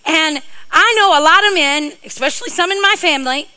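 A woman's voice: very high voice, brisk, pushed and bright, rough recording. A middle-aged woman preacher giving a sermon, playful and joking, with rambling asides to her congregation.

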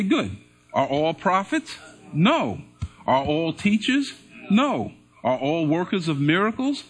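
A pastor with a high, slightly bright voice preaches to his congregation, pulling them into call-and-response by having them repeat phrases and answer his questions.

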